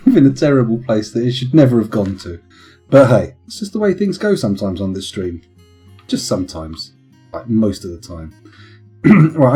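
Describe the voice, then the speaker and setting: A man's voice: medium pitch, mellow. A man with children, chatting casually and rambling into punning tangents while streaming a game. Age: adult with children. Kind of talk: casual live-stream commentary.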